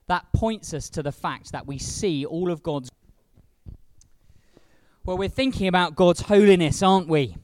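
A man's voice: sits high, no echo. A man leading a church service and preaching, acting out quoted lines with big rises in his voice. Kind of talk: sermon.

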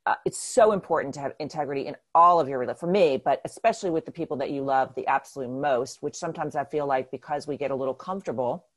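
A woman in casual chat, talking in an animated, self-deprecating way that is full of restarts. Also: very deep voice, fast, hardly any pauses.

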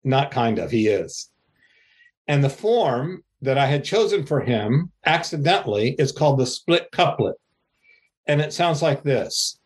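An older man, an author, giving a slow, rambling, self-deprecating interview answer. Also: mid-range voice, very animated, breathy edge.

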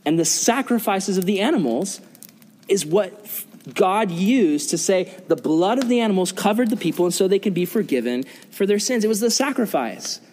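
A man's voice: sits high, expressive, moderate pace, a little mellow. A young man preaching a sermon to a youth group, earnest, often asking the audience questions. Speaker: youth pastor. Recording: long reverb of a hall.

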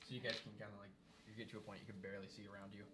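A man's voice: on the low side, flat delivery, racing, over loud music. A man narrating a tabletop game as game master, describing scenes in a loose, rambling way with many fillers.

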